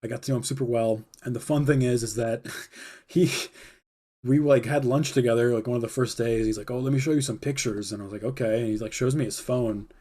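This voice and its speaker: A man's voice: mid-range voice, steady tone, a little fast, dark tone. A young man hosting a livestream, telling a rambling, laid-back story with a lot of fillers. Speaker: livestream host. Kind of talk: casual storytelling.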